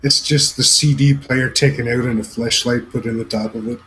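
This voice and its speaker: A young man at a tabletop game speaks in a middle-pitched voice, cracking crude jokes. His tone is casual and teasing. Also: fairly even intonation, normal speed, fairly bright tone, a little hiss or hum, poor audio. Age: young adult. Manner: crude, joking. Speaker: player.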